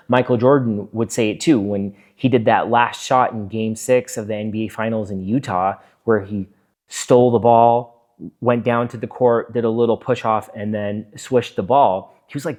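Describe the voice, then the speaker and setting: A man's voice: on the low side, normal speed. Earnest man explaining self-talk to camera. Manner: earnest, acts out inner self-talk in quotes. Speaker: physician video host. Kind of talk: casual explainer monologue to camera.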